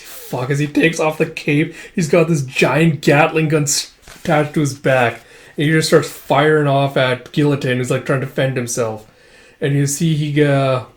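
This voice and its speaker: A man casually reading through a manga and narrating the action, with rambling, profane asides. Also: a little high. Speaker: manga reader. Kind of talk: casual read-through with commentary.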